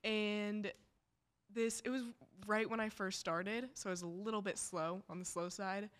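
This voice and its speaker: A young woman on a student podcast, telling a story with an easygoing pace. Her voice sits in a middle range, and she pauses often with "um" and "you know". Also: mid-range voice. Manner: relaxed, hesitant with fillers. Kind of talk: casual storytelling.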